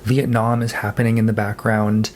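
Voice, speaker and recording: A man's voice: lowish voice, level tone, moderate pace, darkish tone, a little hiss or hum. A man talking casually about books he read, thinking aloud with fillers and self-corrections. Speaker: book vlogger. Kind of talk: casual monthly wrap-up talk.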